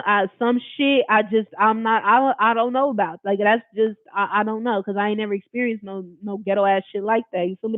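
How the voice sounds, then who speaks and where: A person from Long Beach, California telling a personal story to camera in an animated, emphatic, slangy and profane way, talking straight to viewers. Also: mid-range voice, no echo. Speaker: storyteller recounting a personal experience. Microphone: camera facing the speaker. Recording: dry, tinny phone-like sound.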